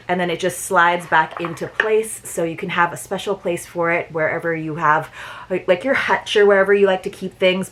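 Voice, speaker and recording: A woman's voice: fairly low pitch, fairly bright tone, a little hiss or hum. Chatty woman unboxing at her desk. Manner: chatty, admiring, thinks aloud while handling items. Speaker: subscription box reviewer. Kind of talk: casual unboxing chat to viewers. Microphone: desk setup.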